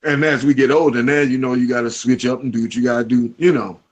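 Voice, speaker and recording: Speaking quickly in a mid-range voice, a Washington D C reggae artist with a Southeast DC accent tells stories as a guest in a casual interview. He brings them to life by acting out people's quotes.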